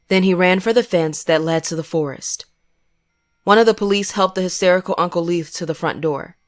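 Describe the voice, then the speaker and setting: A woman giving scripted first-person horror narration in a measured, grim way. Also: lowish voice.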